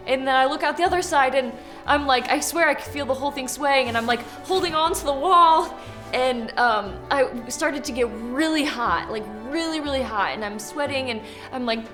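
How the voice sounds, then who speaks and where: A woman's voice: a little high, normal speed, fairly bright tone. A woman telling a story casually and animatedly, full of filler words, with music behind her. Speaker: whiskey blender.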